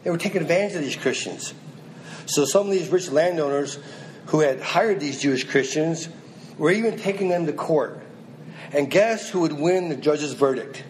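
A man's voice: fairly high pitch, normal speed, slight background noise, low-quality recording. Man preaching a fervent sermon. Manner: reads scripture then exhorts directly, rising and pressing.

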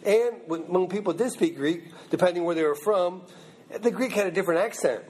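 A man's voice: high voice, brisk, a little mellow. A man teaching a Bible class in a loose, conversational way, often checking in with his listeners. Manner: conversational, checks in with "okay?" and "you know what I mean?". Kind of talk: informal Bible class lecture.

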